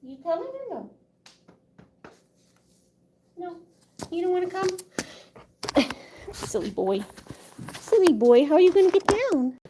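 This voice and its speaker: A woman with a high voice talks casually on a live stream. She coos at her cat in sing-song baby talk, then chats with viewers as she reads their messages aloud. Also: warm tone, a little hiss or hum. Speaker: livestreamer with pet cats.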